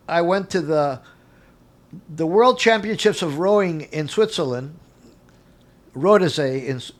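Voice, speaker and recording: Older man telling lively stories. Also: fairly high pitch. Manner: animated anecdotal storyteller, chuckles often; acts out dialogue in quotes. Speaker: guest. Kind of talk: casual storytelling interview.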